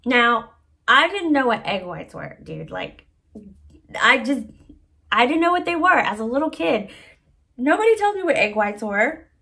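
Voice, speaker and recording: A woman's voice: high voice, very animated, a little slow, creaky, pauses often, sharp tone. A woman vlogger telling a personal story in a slangy, laid-back, self-mocking way. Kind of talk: casual storytelling.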